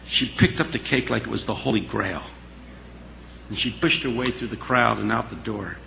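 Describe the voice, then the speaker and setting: Gravelly, bright preacher telling a story. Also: male voice, fairly low pitch, moderate pace, slight background noise. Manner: animated, dramatic storyteller. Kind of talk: sermon storytelling. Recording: echoey church hall.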